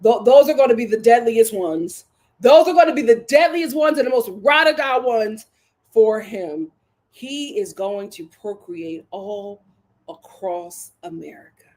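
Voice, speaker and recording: A woman's voice: on the high side, animated, a little slow, a little mellow. A woman hosting a reality TV recap, blunt and dramatic, acting out quotes in voices. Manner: blunt, sassy humor. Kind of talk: animated solo commentary.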